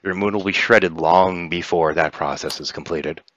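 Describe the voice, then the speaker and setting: A man's voice: deep voice, normal speed, a bit bright. Man voicing a scheming alien woman, grinning, sinister edge, dull lo-fi sound. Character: sly scheming woman alien power broker.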